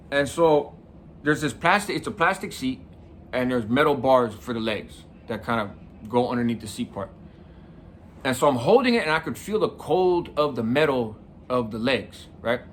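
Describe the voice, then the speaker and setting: A middle-aged man from California recounts his own story in a relaxed, conversational way, often checking in with his listener as he goes. His voice sits at an ordinary mid pitch, with a faint hum of ambience behind it. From San Mateo County, California. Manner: casual, conversational, often adds "right?". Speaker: podcast host. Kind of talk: personal storytelling.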